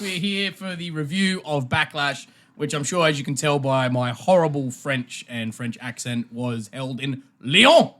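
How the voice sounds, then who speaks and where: Guy hosting a wrestling pod, kinda high voice, joking around. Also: moderate pace, a bit bright. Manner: jokey, mock French greetings. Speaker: podcast host. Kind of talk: casual wrestling podcast chat. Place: home recording space.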